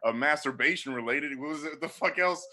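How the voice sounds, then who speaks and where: A man's voice: fairly high pitch, a little fast, sharp tone. A young man doing a loose, profane stand-up comedy set over a video call, laughing at his own jokes.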